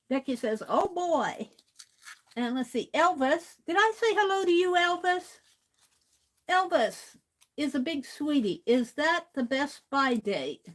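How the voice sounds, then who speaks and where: A woman with a high voice hosts a relaxed art livestream, talking slowly as she draws. She is chatty, reads her viewers' comments aloud and laughs easily. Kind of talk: casual livestream chat while drawing.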